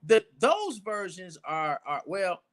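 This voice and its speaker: A man's voice: sits high, big pitch swings, slow, fairly bright tone. A man preaching an informal sermon in a church, talking conversationally with asides and restarts.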